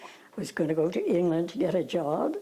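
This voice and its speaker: A woman's voice: on the low side, sing-song, brisk, mellow, breathy edge, rough recording. An older woman with an Irish accent, telling stories from her past in a rambling, hesitant way with fillers and asides. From Ireland. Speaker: interviewee. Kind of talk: reminiscing storytelling.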